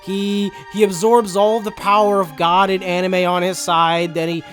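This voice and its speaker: A man's voice: high voice, little pitch movement, moderate pace, soft background music. A man giving a casual, sarcastic, profanity-laced recap of a game story as a reviewer.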